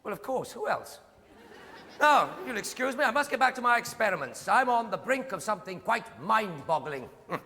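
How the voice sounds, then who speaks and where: A man's voice: high-pitched, big pitch swings, moderate pace, bright, forceful tone, heavily acted. An actor playing a fussy, absent-minded male scientist uncle in a stage musical, British accent, old-fashioned and dithering. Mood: flustered. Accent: British English. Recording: live theatre sound with hall reverb.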